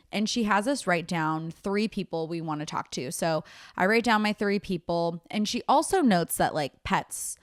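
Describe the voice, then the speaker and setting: A woman's voice: fairly low pitch, no echo, studio quality. A young woman hosting her own podcast, telling stories in a loose, chatty way full of "like" and "um". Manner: chatty storytelling, many fillers like "like" and "um". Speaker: podcast host. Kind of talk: casual solo podcast chat.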